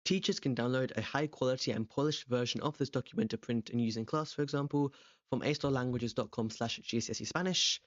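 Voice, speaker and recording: A young man teaching a language revision lesson, explaining step by step and putting quick questions to the viewer. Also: mid-range voice, dry recording. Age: young adult. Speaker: language tutor. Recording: dull, slightly lo-fi close recording.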